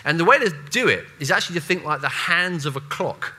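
A man preaching a sermon in a conversational, animated way, with playful asides and voiced quotes. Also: fairly high pitch, a little fast.

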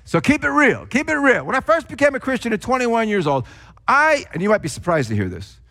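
An older man from New Jersey delivers a sermon in a high, light voice. He leans hard on stressed words, then lets his phrases sink to quiet, drawn-out endings. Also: very animated. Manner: emphatic, swings between hushed drops and raised stresses. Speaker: pastor.

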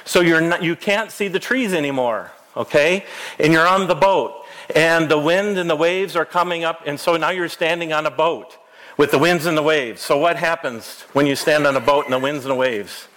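Pastor guy doing a kids sermon in church, a bit high voiced, gets the kids acting stuff out. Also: normal speed, a bit bright, poor audio. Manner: playful, coaxing children to act out the story. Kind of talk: children's sermon, interactive storytelling. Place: church sanctuary.

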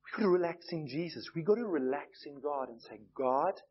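A man's voice: on the high side, lively intonation, fast talker, husky. A man preaching a sermon in a conversational, storytelling way, acting out the voices he quotes. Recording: dull lo-fi recording.

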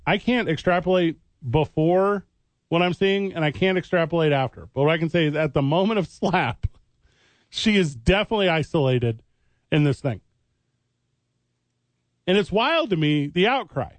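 Guy on sports radio, kinda high voice, argues careful and stubborn. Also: lively intonation, normal speed, long pauses, no room sound. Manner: argumentative, picks his words with care. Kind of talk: heated sports talk debate.

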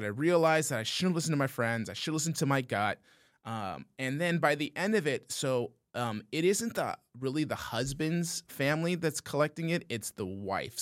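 A man on a podcast recounts a story at a relaxed conversational pitch and keeps checking in with "okay?". He acts out both sides of the exchange. The sound is dry and close, with no room around it. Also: dry recording. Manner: animated storyteller, frequent "okay?" asides. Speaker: podcast co-host. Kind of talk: casual storytelling.

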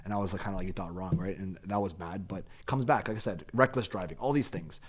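A young man with a fairly low voice tells a story to his friends in a relaxed chat. His talk meanders, full of "like", repeats and restarts, the way friends trade stories. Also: fast, breathy edge. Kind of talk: casual chat among friends.

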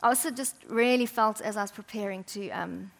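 A woman preaching a sermon, chatty and humorous, often dropping to soft, intimate tones. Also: mid-range voice, brisk, vocal fry.

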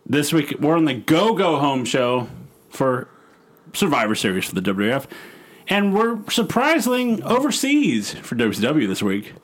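A man's voice: on the high side, sing-song, moderate pace. A man hosting a casual podcast, joking around and rambling through a recap with lots of fillers. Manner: jokey, rambling, many fillers. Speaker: podcast host. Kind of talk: casual chat recapping wrestling.

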